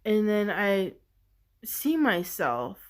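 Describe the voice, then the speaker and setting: Slow, halting woman telling a personal story. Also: medium pitch, big pitch swings. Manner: halting and searching, heavy use of "like"; earnest and emotional. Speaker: vlogger.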